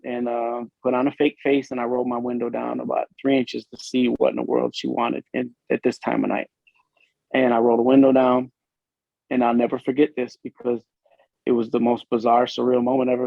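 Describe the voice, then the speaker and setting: A man from Illinois who works as a police officer, giving an earnest, emotional personal testimony in a podcast interview, with halting, restarting speech. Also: medium pitch, gravelly, a little mellow, dry recording. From Illinois, USA. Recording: dull lo-fi dry recording.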